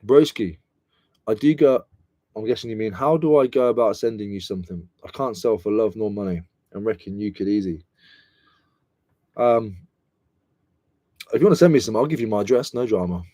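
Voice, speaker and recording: A man's voice: on the low side, normal speed, dark tone, dry recording. A British man chatting casually and slangily on a reselling live stream, mocking himself as he goes. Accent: British English. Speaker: reselling vlogger.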